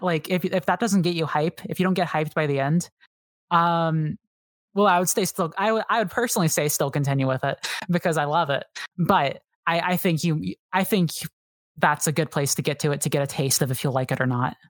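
A woman on a podcast talks casually and eagerly, piling on fillers and restarting her sentences. Her voice sits a little low. The sound is dry and close to the mic. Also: moderate pace, dry recording. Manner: enthusiastic, rambling with many fillers and restarts. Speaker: podcast guest. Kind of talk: casual chat.

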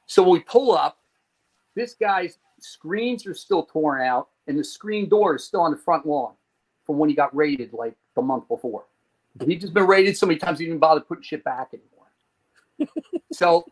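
Animated, profane storyteller from New Jersey. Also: male voice, a little high, moderate pace, poor audio. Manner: animated, swearing, acts out scenes. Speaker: podcast guest.

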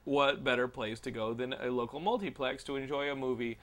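A man's voice: medium pitch, steady tone, fairly quick, a bit bright. A man hosting a casual podcast, joking and rambling with his guests. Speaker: podcast host.

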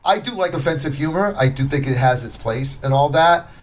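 A man's voice: fairly high pitch, fairly quick. A man co-hosting a podcast in casual chat, talking things through with easy fillers. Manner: conversational, thinks aloud with fillers. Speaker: podcast co-host.

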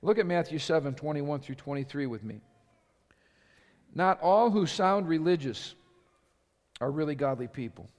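A male pastor preaches to his congregation, his voice sitting a little high for a man. He throws out rhetorical questions and pushes his volume up as he drives each point home. The sound carries the long reverb of a big hall. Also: animated, normal speed, pauses often, darkish tone. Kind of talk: sermon.

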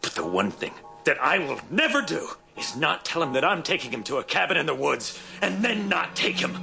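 An actor playing a self-absorbed grown brother who rambles through a theatrical chain of logic, in a TV clip. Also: male voice, on the high side, very animated, brisk, vocal fry. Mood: rambling. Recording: TV clip with music behind.

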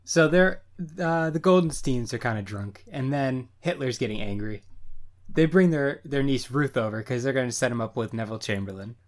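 A man's voice: medium pitch, moderate pace. A young man co-hosting a podcast in casual chat, jokey, and the one who keeps the talk on track. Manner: animated, jokey, steers the talk back to the episode. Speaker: podcast co-host.

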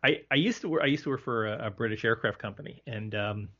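A man chats as a podcast guest, sharing opinions in a loose, hesitant way full of fillers and restarts. His voice sits at an ordinary middle pitch, and the recording sounds slightly dull and lo-fi. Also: fast talker, sharp tone. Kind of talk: casual movie discussion.

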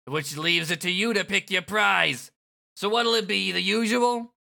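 Speaker doing a brash, raised-voice henchman, bright and gravelly. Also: mid-range voice, a little slow, voice pushed up, exaggerated voice. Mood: cocky. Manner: brash, loud, casual slang. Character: swaggering male enforcer, cocky.

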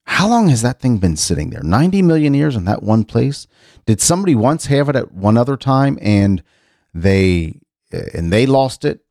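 A middle-aged talk show host with a medium-pitched, sing-song, slightly mellow voice talks at a normal speed on a dry, clean studio recording. On his casual radio-style chat show he reads news items, musing and rambling with frequent restarts.

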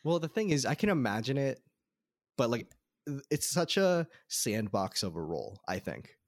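A medium-pitched man with big pitch swings talks at a moderate pace as a podcast co-host discussing a film. He rambles casually with plenty of fillers and restarts, recorded in clean studio sound without room noise.

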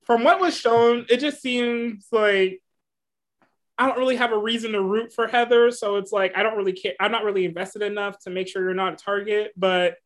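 A man's voice: sits high, fairly even intonation, normal speed, a bit bright. A man co-hosting a podcast, chatting casually, rambling and hedging with many fillers as he talks things through. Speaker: podcast co-host. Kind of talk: casual recap chat.

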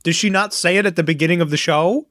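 A man's voice: high-pitched, fast, a bit bright, dry recording. A man co-hosting a podcast in casual chat, jokey and teasing. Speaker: podcast co-host.

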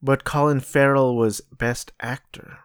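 A man's voice: medium pitch, fairly even intonation, measured pace, clear, resonant tone, no room sound, studio quality. A man chatting casually and bluntly, thinking aloud and running through a list of nominees. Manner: blunt, offhand, swears. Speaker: host. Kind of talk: casual chat.

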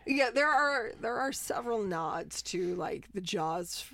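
A woman's voice: mid-range voice, animated, measured pace, vocal fry, a bit bright, dry recording. A woman co-hosting a podcast, chatting in an easygoing, conversational way. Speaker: podcast co-host. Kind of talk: casual chat.

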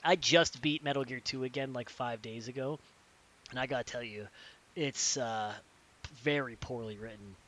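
A young man in casual podcast chat, ranting animatedly and swearing, acting out characters in quick impressions. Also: medium pitch, a bit bright.

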